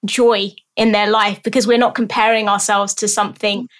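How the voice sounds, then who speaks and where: A woman's voice: mid-range voice, level tone, normal speed. A woman speaking as a podcast guest and educator, earnest and effusive, often restarting words. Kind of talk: heartfelt conversation.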